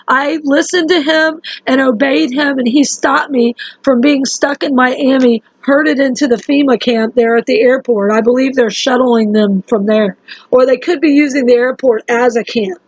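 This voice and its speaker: Woman vlogger, rambling and urgent, higher voice, dry lo-fi phone sound. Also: no room sound. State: sleep-deprived. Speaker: religious vlogger. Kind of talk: casual monologue to camera.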